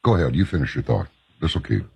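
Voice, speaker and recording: A man's voice: rumbling low, big pitch swings, fast talker, gravelly, a little mellow, slightly rough. A man hosting a radio show, breaking in with short questions and replies.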